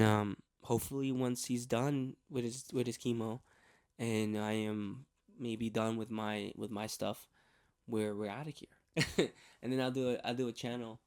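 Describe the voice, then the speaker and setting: Halting, heartfelt man sharing his faith. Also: medium pitch. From New York. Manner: halting, many restarts and repeated words. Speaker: faith vlogger. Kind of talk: candid personal testimony.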